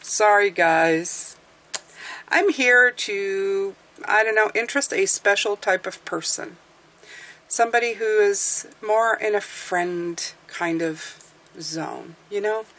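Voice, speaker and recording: A woman's voice: medium pitch, slow pace, a bit bright. A woman tarot reader hosting her channel, talking in a casual, rambling, chatty way. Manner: rambling, talkative, self-deprecating.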